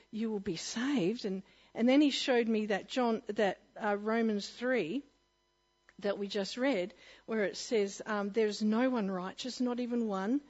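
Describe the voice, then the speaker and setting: Woman, testimony speaker, fairly high husky voice, earnest with frequent laughs, dull lo-fi recording. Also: a little mellow. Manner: earnest, laughs often, restarts mid-sentence. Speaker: church speaker sharing her testimony. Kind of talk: personal testimony talk.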